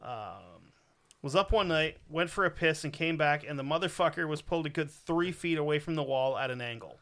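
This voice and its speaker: Bright-voiced man, crude and joking. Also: a little high, animated, a little fast. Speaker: podcast host reading a listener's story. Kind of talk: casual podcast chat.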